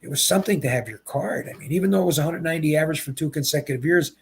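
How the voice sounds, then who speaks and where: A man in his seventies from Pennsylvania, a retired bowler and guest, telling rambling, animated anecdotes in casual chat. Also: fairly high pitch, racing, vocal fry, a little hiss or hum. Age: 70s. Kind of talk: casual storytelling.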